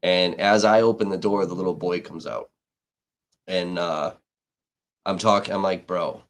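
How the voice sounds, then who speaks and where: A man's voice: sits low, fairly even intonation, measured pace. A man live-streaming, telling a rambling, heated story in casual chat, swearing freely and restarting his sentences. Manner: heated, profane, with frequent restarts.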